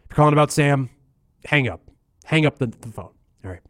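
A man's voice: on the high side, lively intonation, brisk, a bit bright, no room sound, studio quality. A man hosting a comedy call-in radio show who stammers, grumbles and talks openly angry.

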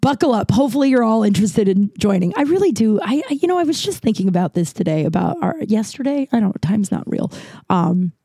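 Rambling woman podcaster, dark dry voice. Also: mid-range voice, fast, no echo. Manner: rambling, filler-heavy, animated retelling. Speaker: podcast host. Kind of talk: casual storytelling monologue.

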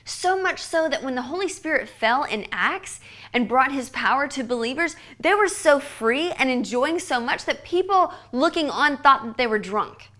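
A woman in her thirties giving a devotional podcast teaching, earnest and conversational, often dropping to a soft hush for emphasis. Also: sits high, lively intonation, moderate pace. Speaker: Bible teacher.

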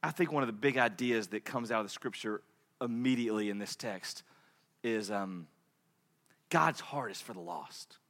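A man preaching a sermon as a pastor, swinging between loud, lively stretches and hushed, intimate ones. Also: fairly low pitch, normal speed, in a large hall.

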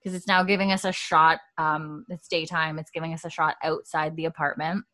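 A woman co-hosting a casual chat, retelling scenes with lots of fillers and quick laughs. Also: deep voice, little pitch movement, sharp tone. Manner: chatty, filler-heavy, acts out quotes, laughs often. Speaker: podcast co-host recapping a TV episode.

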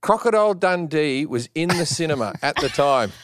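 A middle-aged man with an Australian accent, a podcast guest telling funny stories in an animated way, swearing freely. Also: on the high side, normal speed, a crowd in the background. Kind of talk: casual storytelling.

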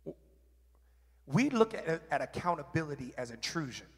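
A man sharing a candid, emotional personal testimony at church, with halting restarts. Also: fairly high pitch, sing-song. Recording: reverberant hall.

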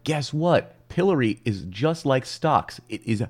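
A man co-hosting a casual podcast chat, rambling and joking, with big jumps in pitch for emphasis. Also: measured pace. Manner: animated, rambling, jokey, leaps up in pitch for emphasis. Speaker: podcast co-host.

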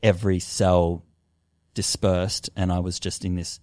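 A man guesting on a podcast tells a personal story with big energy, dropping swear words and acting out what went through his head. His voice sits on the lower side, and the sound is dry and close, with no room echo. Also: measured pace. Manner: animated, swears often, acts out his own past thoughts. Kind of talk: casual storytelling conversation.

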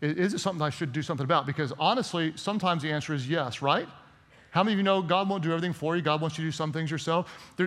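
A man preaches in a high, ringing voice, emphatic and drawing responses from the congregation. His words carry a long reverb from a large church hall. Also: fairly bright tone. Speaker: pastor. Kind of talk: sermon.

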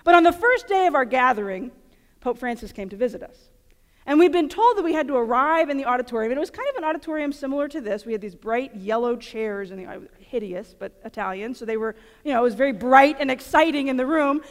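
A woman in her thirties, a Catholic speaker, telling stories in an animated, self-deprecating way to an audience. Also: sits high, fast talker. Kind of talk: storytelling conference talk. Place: large auditorium. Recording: long hall reverb in an auditorium.

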